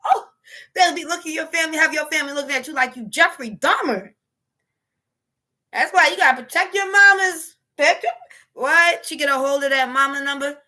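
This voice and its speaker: Woman host, high and bright, animated home livestream chat, does quick character voices. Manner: animated, acts out quoted voices, laughs often. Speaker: live stream host. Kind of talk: casual monologue on relationships.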